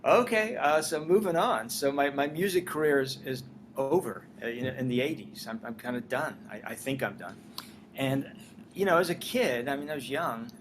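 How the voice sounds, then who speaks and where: A man's voice: mid-range voice, normal speed, background noise. An older man, a writer-director and former singer, telling his career stories in a casual interview, acting out the dialogue he quotes. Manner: animated storyteller, acts out dialogue in quotes. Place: Los Angeles.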